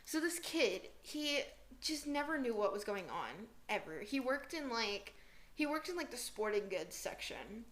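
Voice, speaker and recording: Young woman podcast cohost, kinda high voice, lots of laughing, acts out quotes. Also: sing-song, measured pace, fairly bright tone. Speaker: podcast co-host. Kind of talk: casual storytelling chat.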